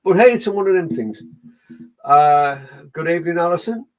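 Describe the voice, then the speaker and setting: A man's voice: a little high, lively intonation, moderate pace. A man with a Geordie accent, working as a medium and chatting through a live online reading session while greeting viewers by name.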